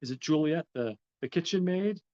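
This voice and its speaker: A man's voice: fairly high pitch, lively intonation, normal speed, mellow, dry recording, voice pushed up, natural voice. Guy doing a jealous young noble, teasy, voice pushed up a bit, kinda lo-fi sound. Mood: teasing.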